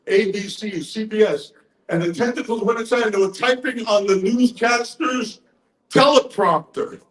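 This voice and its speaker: A man in his sixties giving a rambling, profane, excitable speech to a crowd, a little drunk. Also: high voice, echoey room, low-quality recording. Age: 60s. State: tipsy. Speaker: conference speaker.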